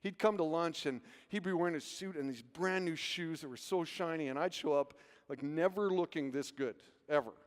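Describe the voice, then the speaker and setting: A man's voice: a little high, moderate pace. A man preaching a sermon as pastor, telling stories and asking rhetorical questions. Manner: animated storytelling, rhetorical questions. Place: church sanctuary. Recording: reverberant hall.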